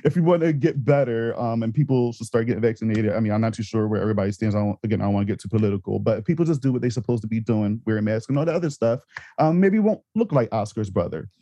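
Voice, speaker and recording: A man's voice: on the low side, rapid-fire, warm tone, dry recording. A man co-hosting a horror podcast, talking in an easygoing way with restarts and chuckles. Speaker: podcast co-host. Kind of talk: casual film discussion.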